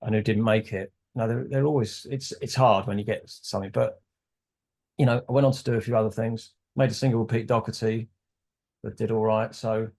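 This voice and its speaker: A man's voice: fairly low pitch, fairly even intonation, fairly quick, creaky, a little mellow. A man as a podcast guest, casually telling a rambling story and acting out quoted dialogue.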